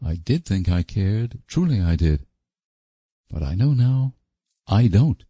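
A man's voice: lowish voice, big pitch swings, slow pace, warm tone, husky, dry recording, pitched above the performer's own voice, exaggerated voice. A man reading an audiobook voices a young woman who pleads desperately in a raised voice. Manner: pleading, breathless refusals. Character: young woman, earnest and distraught.

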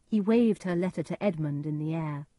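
A woman narrates a simplified classic story in a plain, measured way. Her voice is low, dark and husky, recorded close and dry. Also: dry recording.

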